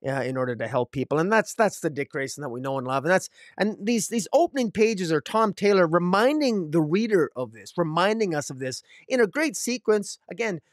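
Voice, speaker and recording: Rambling comic reviewer, higher voice. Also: male voice, animated, a little fast, hardly any pauses, dry recording, clean studio sound. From Canada. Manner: rambling, frequent fillers and restarts. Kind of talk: casual solo review.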